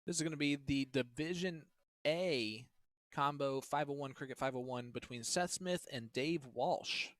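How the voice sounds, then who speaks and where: A man calls a live darts stream in a loose, joking way, teasing his partner between throws. His voice sits at an ordinary middle pitch. The sound is dry and close, with no room echo. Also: a little slow. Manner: chatty, joking, teasing banter. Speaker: darts commentator. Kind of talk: live play-by-play commentary.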